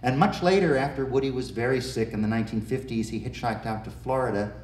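A man's voice: medium pitch, quick pace, a little mellow, a little hiss or hum. A man who tells folk stories and leads the audience in a sing-along, speaking in a folksy, teacherly manner. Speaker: folk singer and storyteller. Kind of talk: storytelling and leading a sing-along. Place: community television studio or stage. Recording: roomy echo, voice heard from a distance, with guitar. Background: guitar.

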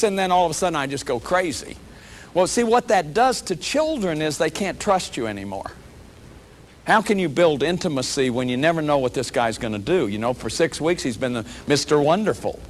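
Man, high-pitched voice, earnest counselor lecturing a workshop crowd, emphatic and repetitive. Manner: earnest, repeats words for emphasis, often says "see". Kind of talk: emphatic lecture on personal growth.

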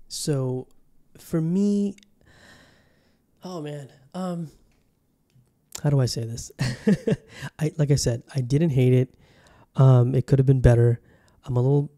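A man's voice: mid-range voice, warm tone. A man hosting his own podcast, chatting casually and rambling, often restarting his sentences as he talks straight to his listeners. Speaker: podcast host. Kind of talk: casual solo podcast chat. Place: Bangkok.

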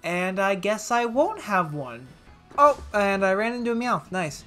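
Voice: mid-range voice, sing-song, moderate pace, a bit bright, faint music behind. Rambling, self-mocking let's play commentator. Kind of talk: casual gameplay commentary.

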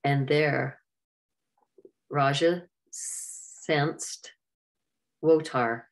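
A woman reads an adventure storybook aloud in a steady, clear voice. Her voice sits low, and she keeps an even storyteller's pace. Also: very slow. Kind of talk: storybook narration.

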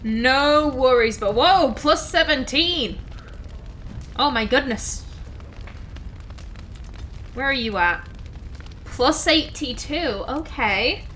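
A woman commentates casually on a let's play, chatting and thinking aloud about her choices. Her voice is high and bright, and she talks at a relaxed, unhurried pace. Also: a little hiss or hum.

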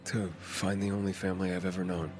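An actor playing a calm, weary male wanderer in a video game, speaking in an even, reserved way. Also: low-pitched, fast, close to an everyday voice. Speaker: game protagonist. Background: game music.

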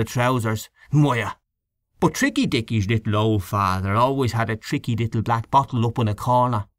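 A man's voice: mid-range voice, a bit bright, no room sound, studio quality. A man voicing a grumbling, gossipy middle-aged canvasser in a storybook reading, scornful and snuffling, with a conspiratorial manner.

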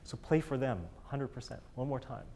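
A man's voice: medium pitch, normal speed, creaky. A man coaching a chamber ensemble in a master class, encouraging and enthusiastic, singing out rhythms with syllables.

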